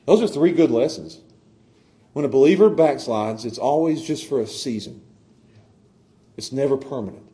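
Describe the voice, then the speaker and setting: A middle-aged male pastor preaching a sermon, moving from hushed, tender passages to loud, impassioned ones and often stammering on his restarts. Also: mid-range voice, moderate pace, pauses often.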